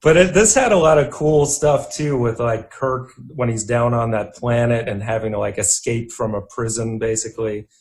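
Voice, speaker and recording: An easygoing young man at a middle pitch, co-hosting a relaxed chat about movies. He talks in loose, rambling runs with plenty of fillers and breaks into laughter often. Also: normal speed, few pauses. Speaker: podcast co-host. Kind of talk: casual chat.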